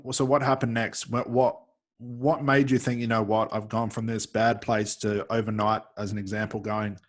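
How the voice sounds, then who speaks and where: A man's voice: fairly low pitch, level tone, moderate pace. A man who runs a coaching business, interviewing a student and asking long, probing questions.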